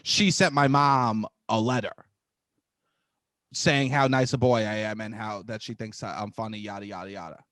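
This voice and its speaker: A man in his thirties co-hosting a casual comedy podcast, animated and jokey, often breaking into loud laughter. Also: lowish voice, normal speed, dry recording. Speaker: co-host.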